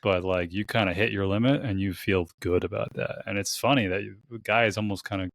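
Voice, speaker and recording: A man's voice: fairly low pitch, steady tone, a little fast, vocal fry, fairly bright tone, no room sound, studio quality. A man hosting a podcast, talking in a casual, rambling way, swearing freely and laughing easily. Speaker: podcast host. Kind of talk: casual conversational interview.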